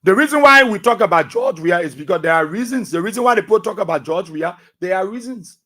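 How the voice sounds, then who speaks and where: A man's voice: sits high, expressive, fast talker. A middle-aged man with a Liberian English accent, hosting a radio talk show with emphatic, repetitive commentary. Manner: emphatic, repetitive, swings between soft asides and loud outbursts.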